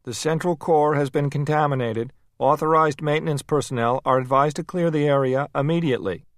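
A man voicing an automated countdown warning in a flat announcing way. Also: a little high, brisk, no room sound, clean studio sound, voice pushed up, lightly acted. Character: recorded machine warning voice.

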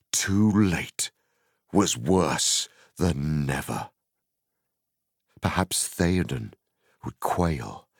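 Slow, gravelly male storyteller. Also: sits low, no echo, studio quality. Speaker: narrator. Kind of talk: audiobook narration.

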